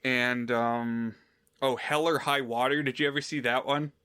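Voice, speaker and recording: A man's voice: mid-range voice, steady tone, measured pace, sharp tone, clean tone, no echo, studio quality. A man co-hosting a film podcast in casual chat, rambling a little and correcting himself with fillers. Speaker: podcast co-host.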